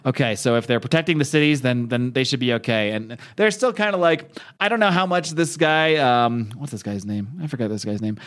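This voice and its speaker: A man's voice: mid-range voice, expressive, brisk, few pauses, fairly bright tone. A man talking casually through a TV episode he just watched. He rambles, restarts his sentences and drops into the characters' lines as he goes. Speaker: show recapper.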